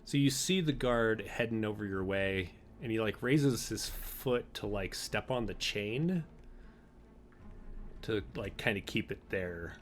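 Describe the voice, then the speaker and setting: A man's voice: on the low side, lively intonation, unhurried, a little hiss or hum. A man narrating a tabletop game as game master, in a loose, chatty way. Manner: loose and conversational, many fillers.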